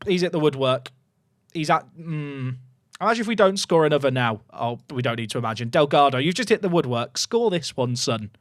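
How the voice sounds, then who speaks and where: A young man commentating his football management game live to his chat. His voice sits high and leaps wildly between loud cheering and low muttered asides, and the recording is close and dry. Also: lively intonation, fairly quick, dry recording.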